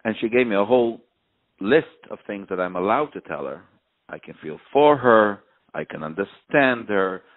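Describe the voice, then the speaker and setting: A middle-aged man, grieving, telling a personal story in an interview, halting and searching for words, his voice close to breaking. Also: on the low side, expressive. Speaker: bereaved father, interview guest. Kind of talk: emotional personal testimony. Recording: narrow phone-like line.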